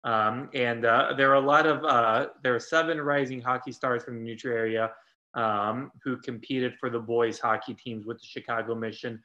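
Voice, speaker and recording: Male podcast host, bright forceful tone, dull lo-fi sound, casual and full of fillers. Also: mid-range voice, moderate pace. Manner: frequent ums and uhs, relaxed. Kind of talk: casual sports podcast chat.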